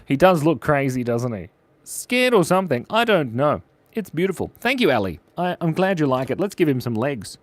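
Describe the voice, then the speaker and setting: A man chats with viewers on a casual drawing livestream and jokes as he goes. His voice sits a little high and jumps around a lot. The sound is close and dry, with no room echo. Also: big pitch swings, normal speed. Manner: joking, rambling, often laughs. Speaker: channel host and animator.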